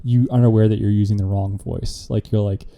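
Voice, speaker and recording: A man hosts a loose, joking podcast chat. His voice is very dark and mellow. He rambles through his jokes, full of fillers and restarts. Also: fairly low pitch, fairly even intonation, a little fast, vocal fry. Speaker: podcast host. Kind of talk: casual chat.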